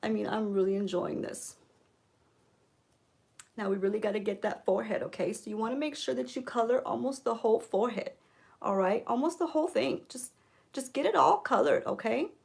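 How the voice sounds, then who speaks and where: A woman giving a mock makeup tutorial, coaxing viewers with deadpan ironic influencer patter and frequent "okay?"s. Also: fairly high pitch, brisk, vocal fry. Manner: coaxing, keeps repeating "okay?". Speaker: beauty vlogger.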